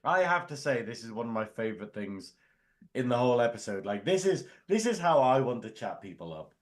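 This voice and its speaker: A man's voice: medium pitch, big pitch swings, fairly quick. A man co-hosting a casual comedic review podcast, joking and laughing over a video call. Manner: playful, laughing, slips into mock voices. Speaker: podcast co-host.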